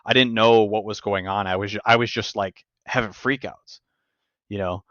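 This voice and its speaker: A man hosting a podcast, telling stories in casual, profane, animated chat. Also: lowish voice, moderate pace, no echo, highs cut off. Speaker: podcast host.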